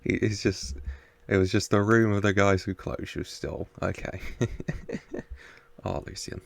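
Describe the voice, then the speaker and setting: A man's voice: on the low side, level tone, measured pace, gravelly. A man casually reacting to a TV episode, chatting, laughing and muttering asides to the screen. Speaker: reaction video host.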